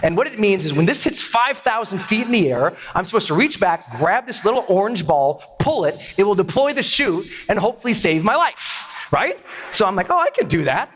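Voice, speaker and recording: A man telling a comic story to an audience from a stage, animated and prone to loud outbursts. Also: high voice, moderate pace. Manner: animated, bursts into loud exclamations. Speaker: stage speaker.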